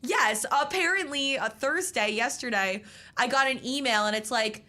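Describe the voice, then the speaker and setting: A young American woman talks on a radio show in an animated, rambling way, jumping into little acted-out quotes. Her voice is bright and forceful, sitting a bit high for a woman. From United States. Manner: animated, rambling, jokey, quick to act out quotes. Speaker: guest. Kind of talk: casual radio chat. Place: radio studio.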